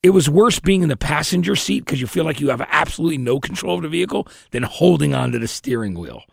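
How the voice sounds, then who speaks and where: A man hosting a podcast, telling stories in an animated, emphatic way during a casual interview. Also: a little high, quick pace, gravelly, breathy edge, dry recording, clean studio sound. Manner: animated storyteller, lively and emphatic. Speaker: podcast host.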